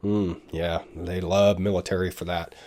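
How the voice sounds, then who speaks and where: A man's voice: low voice, level tone, moderate pace, darkish tone. A man in his fifties, hosting a show, tells a rambling, self-deprecating story in a casual way, full of asides. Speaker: podcast host.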